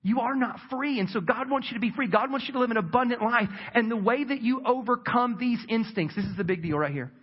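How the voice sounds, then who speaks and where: A man's voice: very high-pitched, quick pace, hardly any pauses, husky, lo-fi sound. A man preaching a sermon as pastor, chatty and repetitive, acting out quoted voices. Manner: conversational preaching, acts out quoted voices, repeats words.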